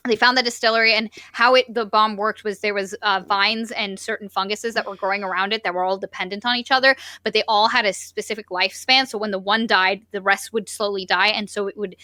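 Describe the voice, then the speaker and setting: A woman co-hosting a book podcast, chatting casually and excitedly retelling scenes with quick acted-out quotes. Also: medium pitch, dry recording. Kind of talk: casual book review chat.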